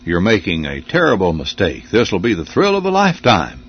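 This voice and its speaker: A man doing a calm drawling old doctor. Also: deep voice, a little fast, slightly rough, voice pushed down, exaggerated voice. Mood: calm insistent. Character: calm, stubborn older male country doctor. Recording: dull lo-fi radio recording.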